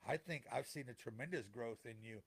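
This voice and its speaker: A man's voice: mid-range voice, brisk, creaky, fairly bright tone, slightly rough. A middle-aged man talking earnestly to listeners as a podcast co-host, repeating phrases for emphasis in a heartfelt motivational way.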